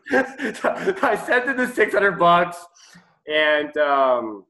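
A young man telling wild stories with a lively, swooping voice that sits a bit high for a man. He swears freely and breaks into laughter often. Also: very slow, low-quality recording. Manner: animated, profane, laughs often. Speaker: guest entrepreneur. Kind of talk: casual storytelling interview.

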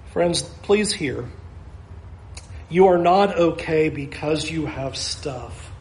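A man's voice: fairly high pitch, darkish tone, roomy sound, a little hiss or hum. A man preaching a sermon as pastor, earnest and repetitive, asking his listeners question after question.

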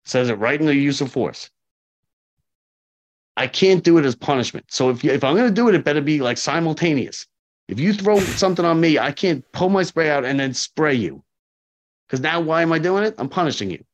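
Speaking briskly in a voice on the high side, this man, a corrections officer, recounts stories in a casual interview. He's animated, voices the dialogue himself and repeats things for emphasis, all on slightly dull lo-fi audio.

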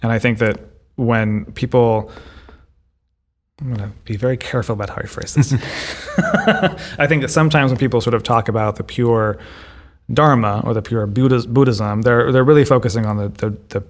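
This podcast co-host has a mid-range voice with fairly even intonation and a moderate pace. He thinks out loud in a relaxed, thoughtful discussion, often saying words twice as he reasons.

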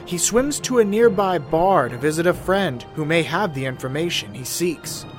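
A man narrating a recap of the story in a lively storytelling way. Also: a little high, moderate pace. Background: music bed.

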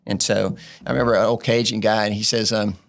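Creaky-voiced man telling earnest stories. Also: lowish voice, little pitch movement, fast. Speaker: business implementer, guest. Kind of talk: casual interview chat.

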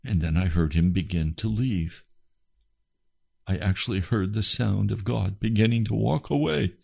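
A man's voice: on the low side, moderate pace, vocal fry, a little mellow, husky. A man preaching a testimony sermon, impassioned, his voice rising to cries at moments.

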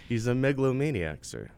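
A man's voice: mid-range voice, creaky, darkish tone. A man hosting a casual college radio talk show, joking and laughing often. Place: radio studio.

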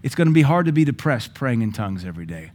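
A male pastor teaching a sermon in a lively, joking way, now and then breaking into praying in tongues. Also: medium pitch, fast talker, slight background noise.

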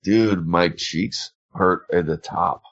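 A man's voice: low voice, takes it slowly, a bit bright, dull audio. A man co-hosting a casual chat in a laid-back drawl.

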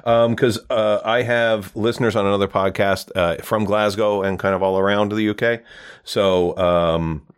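Podcast host, male, very low voice, loose rambling joke delivery with lots of fillers. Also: steady tone, normal speed, clean tone. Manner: rambling storyteller, many fillers and restarts. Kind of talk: casual joke telling.

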